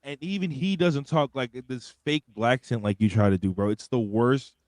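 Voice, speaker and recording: A man's voice: medium pitch, normal speed, no room sound. A young man, co-hosting a wrestling show in casual, profane, rambling chat. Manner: animated, profane, rambling with restarts. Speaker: wrestling podcast co-host.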